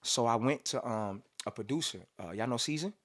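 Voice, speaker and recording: Rapper guy from cincinnati telling stories in a studio, acts out quotes, hums beats, regular pitch. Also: brisk, a bit bright. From Cincinnati, USA. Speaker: rapper guest. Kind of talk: casual storytelling interview.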